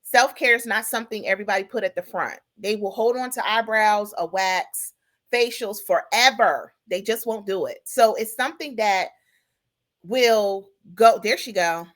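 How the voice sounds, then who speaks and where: A woman in her forties, a podcast host, chatting casually and telling a story in an animated way, with features, calling out to her listeners as "y'all" and "girl". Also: mid-range voice, moderate pace. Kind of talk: casual chat.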